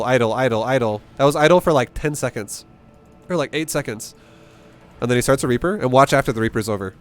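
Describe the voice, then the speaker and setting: A man breaks down a game replay for his student in loose, spoken coaching. He is blunt and profane and drives each point home by saying it again. Soft music plays faintly behind him. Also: medium pitch. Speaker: StarCraft coach. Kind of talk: casual coaching commentary over gameplay.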